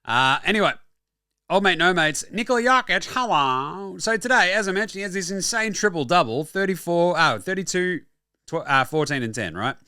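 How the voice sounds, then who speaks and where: An Australian man hosting a basketball show, talking casually and excitedly with frequent swearing and quick asides. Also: high voice, smooth, dry recording, clean studio sound. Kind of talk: casual sports talk.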